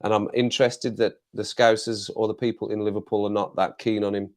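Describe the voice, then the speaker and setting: A man's voice: fairly low pitch, level tone, brisk, a little mellow. Chatty, jokey English man hosting. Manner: chatty, jokey, rambling asides, laughs often. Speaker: livestream host. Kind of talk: casual live chat with viewers. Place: home desk. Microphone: clip-on mic.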